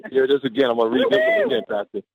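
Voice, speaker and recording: A man reading motivational quotes on a conference call, fired up and emphatic, slowing down for the quotes. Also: medium pitch, wildly swooping pitch, vocal fry, phone-quality sound, crowd noise.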